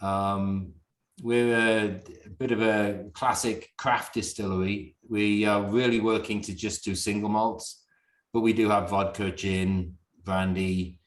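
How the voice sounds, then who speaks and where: A man's voice: fairly low pitch, steady tone, takes it slowly, roomy sound. Northern English man, chatty video call. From Northern England. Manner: chatty, laughing, rambling. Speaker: distillery founder. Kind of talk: casual video call chat. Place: upstairs bedroom at home.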